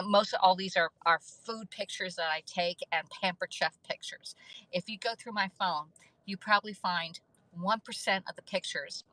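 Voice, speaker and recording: Middle-aged woman livestream host, low-ish voice, chatty and laughing, thanks viewers by name. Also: sharp tone, no room sound, rough recording. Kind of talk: casual livestream chat.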